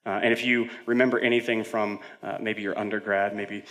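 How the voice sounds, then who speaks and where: A man's voice: fairly low pitch, flat delivery, a little fast, fairly bright tone. A male senior pastor preaching a sermon in a conversational way, with frequent fillers and self-corrections.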